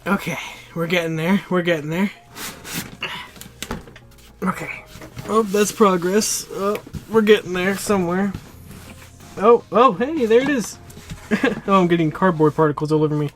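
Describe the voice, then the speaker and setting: A man hosting a casual toy unboxing vlog, chatty and excitable, a little out of breath. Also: high voice, normal speed, pauses often, soft background music. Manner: excitable, chatty, laughs often. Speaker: toy collector YouTuber.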